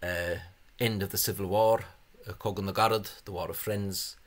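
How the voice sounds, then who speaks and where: A man's voice: low voice, fairly even intonation, moderate pace. A man gives a spoken lecture on spelling, hesitant and full of fillers, with scornful asides. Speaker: language video host.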